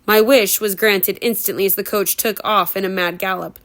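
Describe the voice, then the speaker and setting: A woman's voice: medium pitch, fairly even intonation, normal speed, fairly bright tone. A woman reading a novel aloud at home as a homemade audiobook, breaking into giggly, chatty asides. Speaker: reader.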